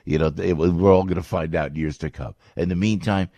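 An older man delivers rambling, exasperated commentary, tripping over restarts as he goes. His voice sits very low, and the sound is close and dry, with no room around it. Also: steady tone, brisk, vocal fry, mellow, no room sound. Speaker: political commentator. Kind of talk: ranting commentary.

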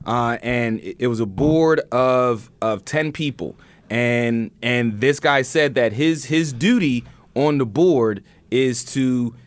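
A man's voice: medium pitch, takes it slowly, no echo. A man hosting a casual news podcast, chatty and laughing often, with many restarts.

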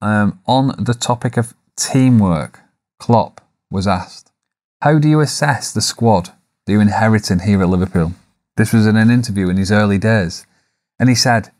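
A man with a somewhat low voice hosts a solo podcast, speaking in a reflective, coaching way. He poses rhetorical questions to his listeners and now and then drops in a self-deprecating aside, with a few fillers along the way. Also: moderate pace, a little mellow. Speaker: podcast host. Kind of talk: solo business podcast monologue.

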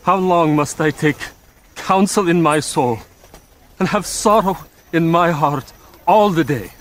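A man's voice: on the high side, unhurried, fairly bright tone. A man playing a troubled, sorrowful man in a TV drama, speaking earnestly with a Middle Eastern accent. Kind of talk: TV drama dialogue.

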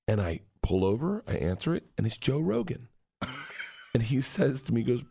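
A man's voice: lowish voice, lively intonation, normal speed, gravelly. A man telling a long comic story on a morning radio show, acting out the voices of others. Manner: acts out voices, swings loud and laughing. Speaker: comedian guest. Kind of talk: animated storytelling. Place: radio studio.

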